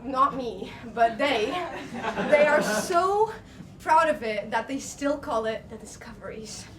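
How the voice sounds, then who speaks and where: A young Portuguese woman performs stand-up on a small club stage in English, her second language. Her voice sits high and is picked up from a distance over heavy room noise. She talks casually and profanely, full of fillers and little laughs. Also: expressive, slow. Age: young adult. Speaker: stand-up comedian. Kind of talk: stand-up comedy set.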